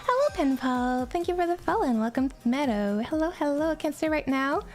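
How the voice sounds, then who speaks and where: A woman's voice: sits high, lively intonation, fairly quick, soft background music. A woman with a Quebec French accent, a native French speaker, chatting casually on a livestream, greeting and thanking viewers between stories.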